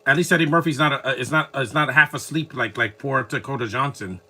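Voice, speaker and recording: A man's voice: medium pitch, brisk, pushed and bright. A man giving casual, opinionated commentary while watching a film, rambling and restarting his sentences.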